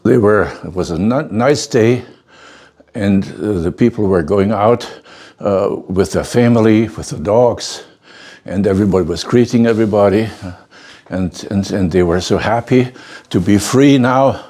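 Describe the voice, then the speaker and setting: A man's voice: on the low side, unhurried, mellow. An older man teaching a bonsai masterclass, telling a story with emphasis, often restarting his phrases and checking in with an "okay?". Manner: emphatic storyteller, many restarts and repeated words; checks in with the audience with a frequent "okay?". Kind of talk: spoken lecture to a class.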